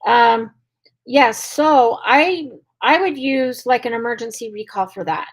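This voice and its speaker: A woman's voice: on the high side, measured pace, rough recording. A woman dog trainer hosting a casual live Q&A and answering viewer questions in a chatty way, with lots of "um" and "like". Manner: chatty, with frequent "um" and "like".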